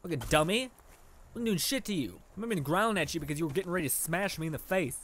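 A young man giving casual, excitable gameplay commentary, swearing a lot and yelling at enemies as he plays. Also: fairly high pitch, fast talker, slight background noise. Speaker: let's play gamer.

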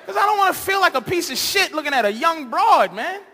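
A man performing crude, rambling stand-up on a live stage, his voice high and bright. He swings his pitch widely and shouts out the punchlines. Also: sing-song, fairly quick. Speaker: stand-up comedian. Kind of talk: stand-up comedy set.

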